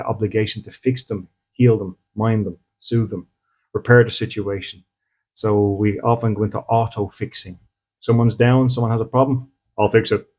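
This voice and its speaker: His voice is fairly low and a little mellow. This Irish man is a spiritual medium and podcast host who speaks casually to his audience, acting out small dialogues and frequently asking "okay?".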